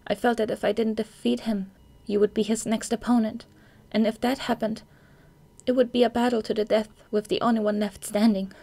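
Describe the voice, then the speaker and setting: A narrator voicing a quiet, earnest young girl who is an assassin, speaking softly in a fan audiobook. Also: mid-range voice, little pitch movement, fairly quick, creaky, pitched above the performer's own voice. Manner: soft, quiet.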